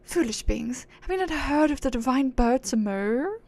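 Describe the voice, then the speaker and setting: A woman's voice: sits high, lively intonation, normal speed, a little mellow. A woman putting on a haughty British spirit lady. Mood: grandiose. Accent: put-on British. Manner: lofty, commanding, theatrical. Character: haughty divine female spirit, aloof and grandiose.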